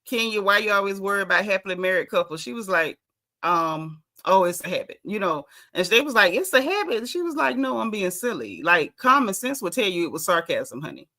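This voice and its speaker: Woman, sassy casual recap host, bright forceful voice, animated. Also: mid-range voice, brisk. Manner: sassy, animated, mimics cast members' quotes. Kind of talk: casual reality TV recap chat.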